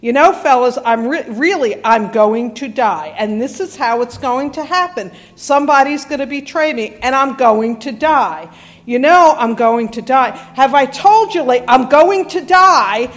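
A woman preacher voicing an insistent male teacher who keeps hammering one warning home, a little higher and louder than her plain speech. The delivery is pleading and repetitive, in a sermon retelling. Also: lively intonation, unhurried.

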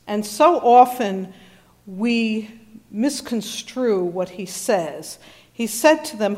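A woman's voice: medium pitch, slow, a little mellow. A woman pastor preaching a sermon in a conversational, storytelling way with wry humor.

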